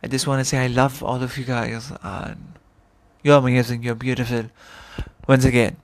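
A man's voice: mid-range voice, level tone, moderate pace. A young man hosting a casual solo podcast, rambling and candid, with frequent fillers and restarts. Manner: candid and chatty. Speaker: podcast host.

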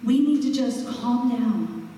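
Female preacher, fairly high voice, expressive sermon delivery, picked up from a distance in a big echoey hall. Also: a little hiss or hum. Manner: expressive, slows for emphasis. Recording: echoey hall, mic far off.

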